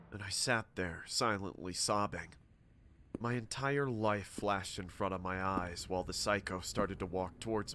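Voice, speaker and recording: A man narrating a horror story in a steady, dramatic scripted telling. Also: on the low side.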